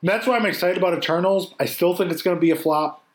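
A man in casual podcast chat, animated and quick to laugh, swearing freely. His voice sits a little high for a man. The sound is roomy and echoey.

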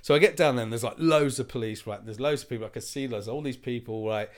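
A man in his forties telling a story in casual chat, animated and swearing, acting out other people's lines. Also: medium pitch, quick pace.

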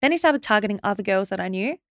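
A young woman telling a stressful story as a podcast guest, in a quick, animated way with many fillers and restarts. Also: medium pitch, no room sound. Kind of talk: casual storytelling interview.

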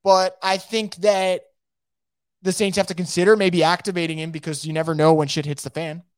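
A man hosting a casual live sports podcast, reading out viewer comments and reacting in a fast, emphatic way, often repeating his words. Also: sits high, little pitch movement, clean tone, dry recording, clean studio sound.

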